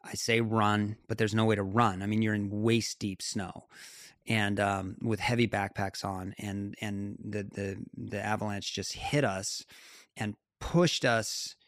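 A man, a guest in a conversation, telling a story in an animated way with quick asides and frequent laughs. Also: on the low side, dry recording, studio quality. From United States.

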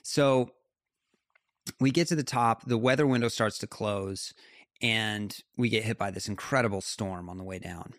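A man, a guest in a conversation, telling a story in an animated way with quick asides and frequent laughs. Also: lowish voice, no echo, clean studio sound. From United States.

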